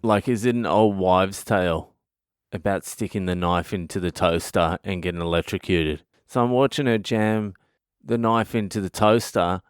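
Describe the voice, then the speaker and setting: Australian male comedian, low smooth voice, dry close sound, swears freely while rambling through stories. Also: moderate pace, no room sound. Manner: profane, rambling storytelling. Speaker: comedian and podcast host. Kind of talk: casual comedic monologue.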